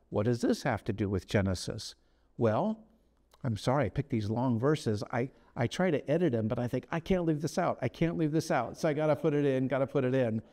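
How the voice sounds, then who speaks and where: Animated, emphatic male preacher. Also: medium pitch. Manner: emphatic, repeats key phrases, slows on scripture. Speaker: guest speaker. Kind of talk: sermon-style teaching. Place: television studio.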